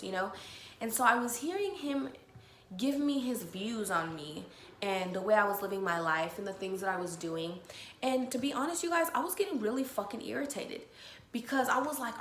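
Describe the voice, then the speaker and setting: A woman's voice: mid-range voice, moderate pace, a bit bright. A young woman hosting a podcast, telling a personal story to listeners with candid, emotional talk and frequent swearing. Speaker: podcast host. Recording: echoey room with faint noise.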